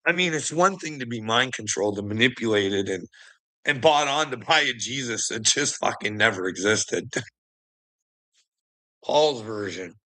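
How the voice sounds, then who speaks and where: A man's voice: medium pitch, lively intonation, normal speed, sharp tone. A man ranting casually, profane and mocking, laughing often between lines. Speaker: online commentator. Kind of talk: casual rant.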